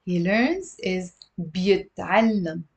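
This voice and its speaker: This woman's voice is lowish and darkish in tone, animated yet measured in pace. Teaching Arabic on a live stream to a webcam, she walks through material step by step, runs pronunciation drills, and responds to questions from viewers.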